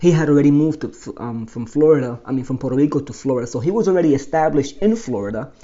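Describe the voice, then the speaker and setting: A man casually telling his own life story as host, animated and explaining step by step. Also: on the high side, fast, lo-fi sound. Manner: animated, explains with pointing and numbering.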